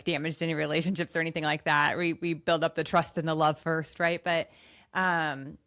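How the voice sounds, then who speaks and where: Middle-aged woman coach hosting a panel podcast; earnest, heartfelt, slightly low voice. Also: fairly bright tone.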